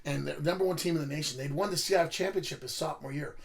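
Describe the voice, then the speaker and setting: Man, middle-aged, gravelly voice, a bit high, rambling profane storyteller. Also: very fast. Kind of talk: casual storytelling.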